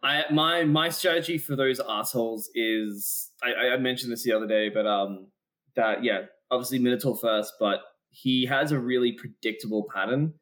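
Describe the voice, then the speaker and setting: Chill guy walking thru game tactics, relaxed podcast talk. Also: mid-range voice, moderate pace. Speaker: podcast co-host. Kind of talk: casual chat about video games.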